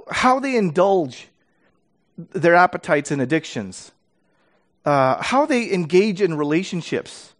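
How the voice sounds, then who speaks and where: A man preaching a sermon, reading scripture dramatically and explaining it in a casual, animated way with fillers and restarts. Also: high voice.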